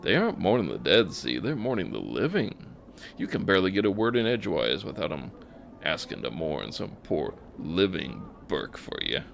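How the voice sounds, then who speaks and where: A man's voice: low-pitched, sing-song, moderate pace, gravelly, slight background noise, full character voice. A man voicing a weary, plain-spoken mourner of the dead who talks in a folksy, rueful way.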